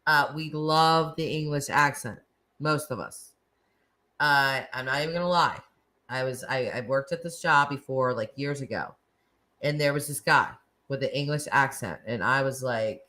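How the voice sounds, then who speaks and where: Low-voiced chatty Northeastern American woman. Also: normal speed, sharp tone. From Northeastern United States. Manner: chatty and rambling, frequent "like" and laughs. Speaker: host of live chat stream. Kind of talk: casual live-stream chat with viewers.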